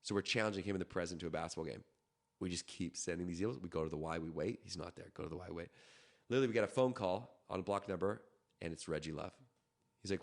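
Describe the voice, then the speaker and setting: A man from Canada, a podcast guest, telling a story in a quick, animated way with frequent restarts. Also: low-pitched, vocal fry. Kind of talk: casual storytelling.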